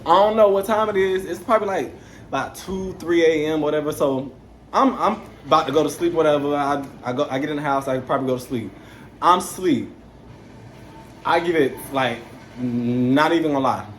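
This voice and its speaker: A young man casually telling a story to camera, animated, slangy and swearing freely. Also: fairly high pitch, fairly quick, slight background noise.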